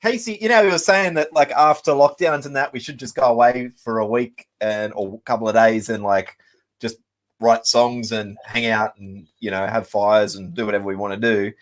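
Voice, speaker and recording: A man's voice: on the low side, moderate pace. A man in his thirties with an Australian accent, hosting a casual chat and rambling through stories with fillers and laughs. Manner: rambling storyteller with many ums and laughs. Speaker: musician and show host.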